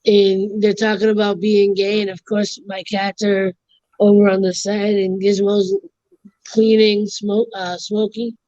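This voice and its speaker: A woman chats on a live stream in a mellow, warm voice. Her audio is dry and slightly dull, like a lo-fi online call. She tells stories with animation and acts out the quoted lines. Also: mid-range voice, little pitch movement, unhurried, no room sound. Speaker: co-host. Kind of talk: casual chat.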